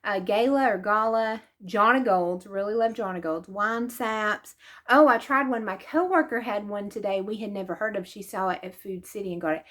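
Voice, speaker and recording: A young woman chatting casually through a grocery haul, rambling and friendly in tone. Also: medium pitch. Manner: chatty, rambling, talks to her cat in a sing-song voice. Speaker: vlogger.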